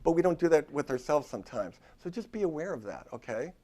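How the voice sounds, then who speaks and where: Speaking a little fast in a slightly high, sing-song voice with a dark tone, a fifties-aged therapist gives a conversational lecture in a university classroom. He frequently checks in with "okay?" and repeats himself.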